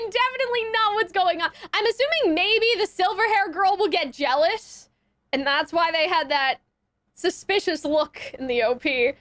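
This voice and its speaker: A young woman with a very high, bright voice talks through an anime episode as she watches it. Her chat is loose and giggly, packed with fillers. The sound is dry and close, with no room around it. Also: no echo. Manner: chatty, giggly, lots of fillers. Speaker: anime reaction youtuber. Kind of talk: casual reaction commentary.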